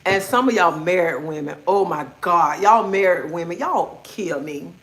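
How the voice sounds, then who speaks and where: A woman's voice: lowish voice, normal speed. Blunt, outspoken middle-aged woman. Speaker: livestream host. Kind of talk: casual livestream rant. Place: indoors at home. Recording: echoey room.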